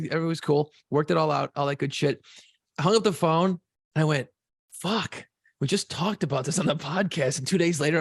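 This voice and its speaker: A man with a fairly high, creaky voice co-hosts a podcast, telling animated stories in casual chat and swearing freely. He's recorded dry, with clean studio sound.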